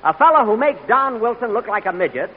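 Indignant radio comedian, lively high voice. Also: male voice, phone-quality sound. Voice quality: indignant, halting with uh's. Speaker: comedian hosting a radio show. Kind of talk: live 1940s radio comedy. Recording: crackly 1940s radio broadcast with live audience.

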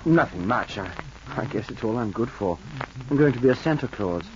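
An actor playing a meek, stammering man courting a woman in a 1940s radio drama, halting and bashful in his speech. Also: mid-range voice, lively intonation, darkish tone, lightly acted. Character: meek stammering swindler posing as shy suitor. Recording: muffled old radio recording, faint hiss.

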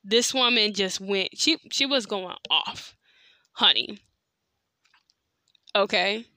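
Bright-voiced woman telling a candid story. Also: mid-range voice, slow, no room sound, studio quality. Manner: candid and profane, heavy use of "like" and "you know". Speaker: podcast host. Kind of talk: casual personal storytelling.

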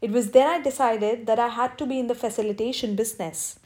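A woman's voice: a little high, steady tone, fast, a little mellow. A woman narrating a humorous first-person audiobook in a wry storytelling manner.

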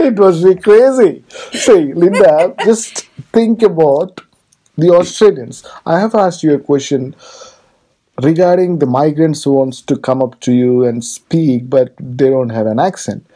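An interviewer in a conversational podcast who keeps asking questions and laughs often along the way. The delivery is slow and unhurried, in a mellow, relaxed tone. The voice sits at a middle pitch. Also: husky, low-quality recording.

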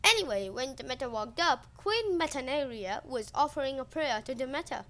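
High-voiced woman telling myths with jokes. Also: expressive, a little fast, a bit bright. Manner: chatty, jokey asides. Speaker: podcast storyteller. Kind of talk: casual humorous myth retelling.

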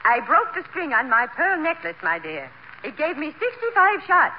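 An eccentric, grand society matron in a 1940s radio comedy, prim and affected. Her voice is high and swoops widely. The broadcast sound is dull and faintly hissy. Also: huge pitch swings, moderate pace. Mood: genteel.

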